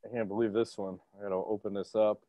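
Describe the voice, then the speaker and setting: Excitable, profane podcast host. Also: male voice, on the low side, fast talker, no echo. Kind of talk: casual podcast chat.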